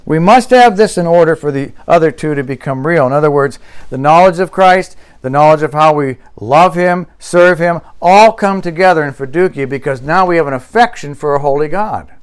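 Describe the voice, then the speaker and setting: A man preaching a sermon in an earnest style, lifting and dropping his voice for emphasis and reading quotes slowly. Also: a little high, smooth. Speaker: pastor.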